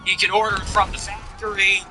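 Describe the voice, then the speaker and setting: A male livestream host who rambles and mocks, swearing freely. His voice is high and very bright, with a forceful, sharp edge. He talks in a loose, casual way. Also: little pitch movement, brisk, slight background noise, low-quality recording. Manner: mocking, rambling, profane.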